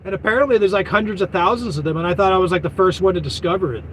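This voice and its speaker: A high-pitched man vlogging as a trucker chats loosely with his viewers. He meanders, loses his point and circles back with "but anyway". A faint hum of vehicle noise sits under his voice. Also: fast talker, a bit bright, low-quality recording. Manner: meandering, loses his thread, heavy fillers and self-corrections. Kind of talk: rambling casual live chat.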